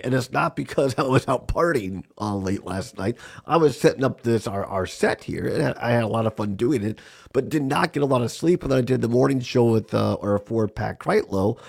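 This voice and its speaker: A man hosting a radio talk show, hoarse and gravelly from a cold, chatty and rambling with frequent chuckles, in a small studio. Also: mid-range voice, animated, moderate pace.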